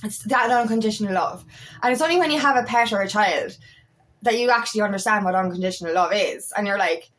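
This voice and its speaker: A woman coach talking through self-love in a casual, heartfelt monologue, swearing freely and repeating words as she searches for them. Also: fast. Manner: swings between high fervent peaks and low quiet asides.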